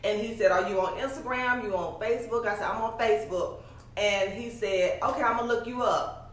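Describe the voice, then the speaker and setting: Chatty lady interviewing, kinda high voice, echoey room, mic a bit far off. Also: fairly quick. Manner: chatty, laughs while telling stories. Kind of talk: casual interview. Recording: roomy sound from a distance.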